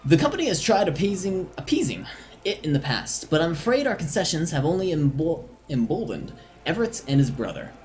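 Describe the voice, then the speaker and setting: A calm, polite female negotiator from a video game, read aloud by a streamer. The delivery is measured and formal, with a lively, shifting pitch. A faint hiss sits under the voice. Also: lightly acted. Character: poised, polite, curious female corporate negotiator. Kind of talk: reading game dialogue aloud on a live stream.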